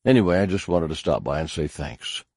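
Narrator as a brisk officer: deep, dry, polite. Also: male voice, lively intonation, a little mellow, breathy edge, dry recording, exaggerated voice. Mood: grateful.

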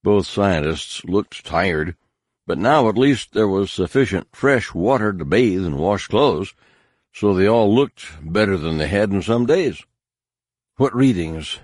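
A man with a very low, deep voice reads a science-fiction audiobook in a measured, steady way. The sound is close and completely dry, like a studio booth. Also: no echo. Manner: measured, even storytelling. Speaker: audiobook narrator. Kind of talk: scripted audiobook narration.

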